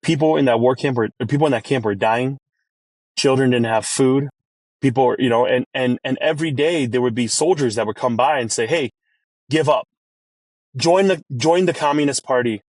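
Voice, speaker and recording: A chef talking as a podcast guest, telling an emotional family story earnestly, with many restarts. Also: male voice, brisk, darkish tone, dry recording. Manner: earnest, many restarts, rises in pitch when moved.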